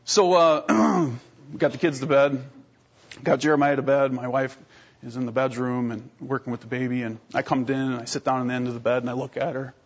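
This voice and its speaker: A man in his thirties preaching a sermon as a pastor, telling lively stories with self-deprecating humor and often clearing his throat. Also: mid-range voice, a little fast. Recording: dull lo-fi sermon recording.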